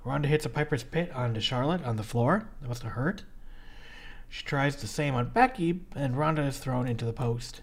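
A man's voice: mid-range voice, slightly rough. A man co-hosting a casual podcast, recapping a wrestling match in a blunt play-by-play way. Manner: blunt, rapid play-by-play narration. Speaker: podcast co-host.

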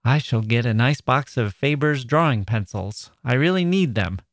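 A man's voice: mid-range voice, lively intonation, normal speed, no echo, studio quality, lightly acted. A man reading aloud and voicing a petulant young girl with a whiny, self-pitying manner. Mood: prim.

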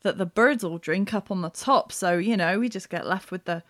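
A woman's voice: medium pitch, normal speed, fairly bright tone, lightly acted. A woman voicing a folksy, old-fashioned male farmer who talks in a homely, rambling way. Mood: defensive. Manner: homely, rambling, rustic turns of phrase.

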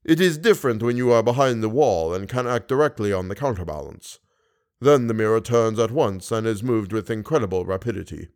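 A cautious Persian guide speaks with a Persian accent, low and hushed, weighing every word, as a male audiobook reader puts him on. His measured, grave delivery sits beneath the reader's usual voice. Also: expressive. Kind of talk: audiobook character reading.

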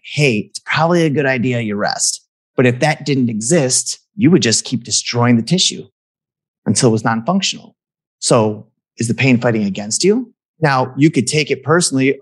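A man's voice: medium pitch, slightly rough. A man talking as a guest in an earnest, reflective conversation, restarting phrases as he thinks aloud.

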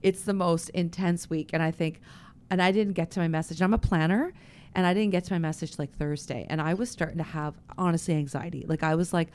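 A woman's voice: on the low side, steady tone, a little fast, darkish tone, slight background noise. A woman pastor co-hosting a casual faith podcast, telling candid, confessional stories with many restarts.

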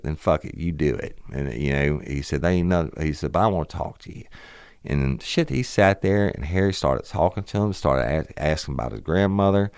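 Man, middle-aged, podcast host, rambling profane storyteller, very deep gravelly voice. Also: normal speed, dry recording, studio quality. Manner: profane, rambling, animated retelling of a police call. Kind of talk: casual storytelling.

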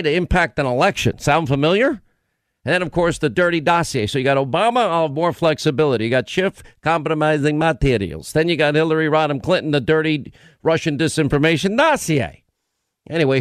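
A male talk show host giving punchy, opinionated commentary. His voice sits a little high, and the sound is dry and close. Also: dry recording. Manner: combative, punchy.

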